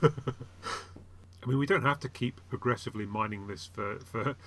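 A man's voice: medium pitch, unhurried, fairly bright tone, slight background noise. A man in a casual podcast chat, making dry jokes with stammering restarts. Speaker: podcast panelist.

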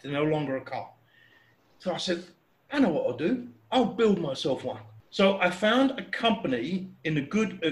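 A man in his sixties telling a casual, animated anecdote, chatty and acting out sounds and voices. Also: fairly high pitch, roomy sound. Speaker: storyteller.

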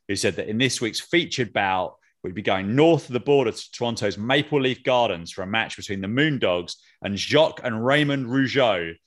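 A man's voice: on the low side, a bit bright. Dry-witted man hosting a review. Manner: dry, sarcastic humor. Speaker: podcast host. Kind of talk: casual review chat. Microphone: online call.

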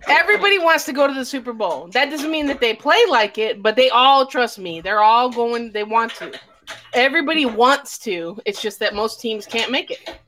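Lively, bright-voiced woman hosting a chat. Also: fairly high pitch, normal speed. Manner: profane, laughing, animated banter. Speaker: host. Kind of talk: casual livestream chat.

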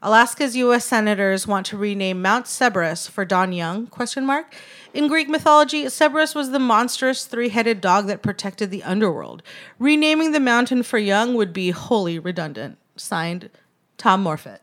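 A woman's voice: medium pitch, lively intonation, moderate pace, fairly bright tone. Woman co-host, reads news with wry jokes, laughs a lot. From immigrant to the United States. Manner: laughs often, reads news aloud with sarcastic asides. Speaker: podcast co-host. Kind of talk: casual podcast chat.

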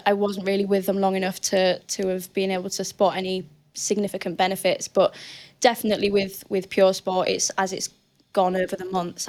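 A young woman with a northern English accent, a guest on a casual podcast interview who talks in a chatty way, full of fillers and restarts. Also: mid-range voice. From Britain. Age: young adult. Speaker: guest athlete.

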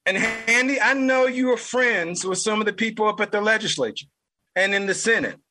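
A man's voice: high voice, fairly quick, sharp tone, poor audio. A man hosting a political podcast, delivering an angry, heated monologue and repeating lines for emphasis. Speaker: podcast host.

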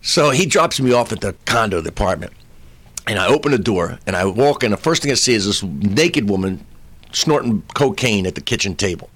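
A man in his sixties, a comedian, telling a comic anecdote in an animated way. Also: fairly low pitch, fairly quick. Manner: animated storyteller, acting out voices. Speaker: comedian guest.

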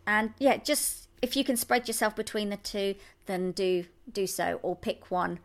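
A woman co-hosting a local podcast, chatting casually with a lively, bubbly manner. She laughs easily and runs through listings with cheerful enthusiasm. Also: mid-range voice, measured pace. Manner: bubbly, laughs often, animated. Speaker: podcast co-host. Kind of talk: casual chat.

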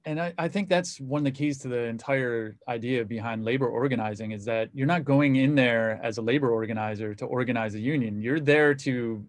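A man interviewing a guest about labor organizing, speaking in a measured, reflective way. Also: medium pitch, dry recording. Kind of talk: thoughtful interview questions.

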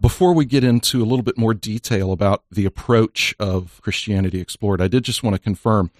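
Jovial podcast host, dry close sound. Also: male voice, fairly low pitch, brisk, no room sound. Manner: jovial, earnest when explaining. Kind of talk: casual chat and enthusiastic endorsement.

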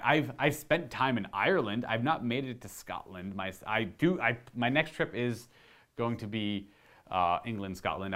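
A man from Ontario, chatting casually on his channel, rambling and correcting himself and getting animated while demonstrating. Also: fairly low pitch. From Ontario, Canada. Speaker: video host answering viewer questions. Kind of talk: casual chat.

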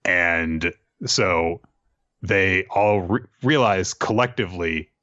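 A man's voice: low-pitched, animated, measured pace, sharp tone. A young man hosting a casual podcast, recapping a story loosely with swearing and fillers. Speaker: podcast host. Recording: slightly dull, dry sound.

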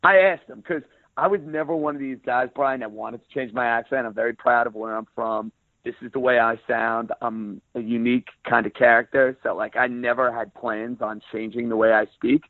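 A man with a strong New York accent and a rough, everyday voice talks sports radio in an emphatic, plain-spoken way. He comes through a thin, tinny phone line. The sound is close and dry, with no room behind it. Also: medium pitch, fairly even intonation, normal speed, dry recording. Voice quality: rough around the edges voice. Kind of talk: interview guest, casual talk.

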